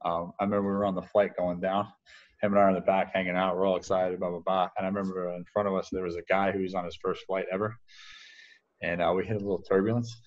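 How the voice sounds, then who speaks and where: A man's voice: low-pitched, flat delivery, fast, muffled recording. A man, a baseball coach, chatting as a guest on an interview podcast, rambling with lots of fillers and restarts. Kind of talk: casual interview storytelling.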